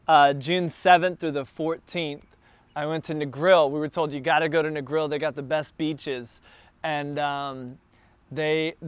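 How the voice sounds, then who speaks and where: A man who is a church planter, telling a casual, animated story to a group gathered in a backyard. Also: a little high, clear, resonant tone, no echo. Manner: animated, builds excitement as the story goes on. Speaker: church planter addressing his launch team.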